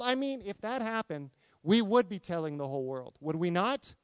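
Lively high-voiced male preacher, crisp and dry. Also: moderate pace, no room sound. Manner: animated, talks to congregation with questions, acts out quotes. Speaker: pastor. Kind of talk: sermon.

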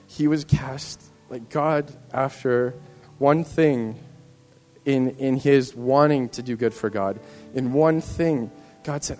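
A man's voice: mid-range voice, a little mellow, long reverb tail. A man in a church giving an earnest, rambling personal testimony to the congregation, often restarting his sentences. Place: church hall.

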